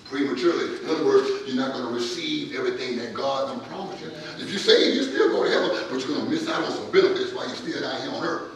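A pastor preaching a sermon in an emphatic, colloquial way, moving between quiet scripture reading and near-shouting, with words often stammered and repeated. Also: male voice, medium pitch, quick pace, few pauses. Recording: very echoey room, mic far off, faint noise.

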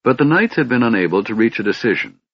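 A man narrating a fantasy audiobook in a measured storytelling manner, in a dull lo-fi recording. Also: mid-range voice, sing-song, husky, no echo.

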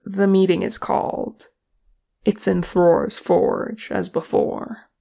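A reader voicing a young male dwarf who speaks in a muted, gentle way. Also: medium pitch, very animated, takes it slowly, creaky, heavily acted. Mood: subdued. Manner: muted, quiet voice.

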